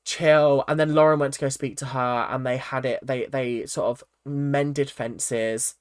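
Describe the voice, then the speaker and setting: A vlogger giving casual, opinionated commentary on a reality show, animated and acting out quoted lines in mock voices, with many fillers and restarts. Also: medium pitch, unhurried, no room sound, clean studio sound. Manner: chatty with frequent fillers and restarts.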